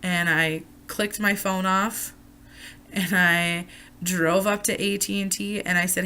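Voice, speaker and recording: A young woman tells a personal story to her camera in a casual vlog. She is animated and swears freely, and her voice is bright and sharp. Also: fairly low pitch, slow, slight background noise. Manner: animated, profane retelling. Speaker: vlogger.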